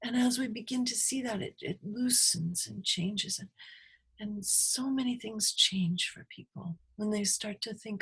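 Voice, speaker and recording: A woman guest on a podcast, speaking softly and reflectively, often slipping into a breathy whisper as she retells a session. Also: mid-range voice, unhurried. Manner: soft, reflective, retells sessions with quoted dialogue. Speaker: guest healer. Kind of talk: podcast interview, storytelling.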